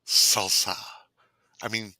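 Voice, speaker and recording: A man's voice: slow pace, sharp tone, no room sound. A middle-aged man co-hosting a casual cooking live stream, teasing and laughing often. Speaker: cooking show co-host. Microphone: computer mic.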